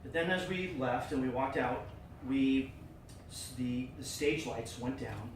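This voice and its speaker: A middle-aged man giving a personal storytelling speech at a club meeting, animated and acting out the voices of the people in his story. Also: mid-range voice, unhurried, slight background noise. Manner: animated, acts out quoted voices. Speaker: club speaker. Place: meeting room. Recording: echoey room from far off.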